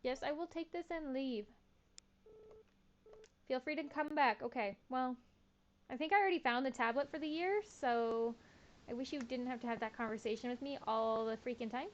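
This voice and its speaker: A woman's voice: high-pitched, normal speed, long pauses, highs cut off, slight background noise. A young woman streaming a farming game, chatting in a laid-back, slangy, self-mocking way. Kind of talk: casual gameplay commentary.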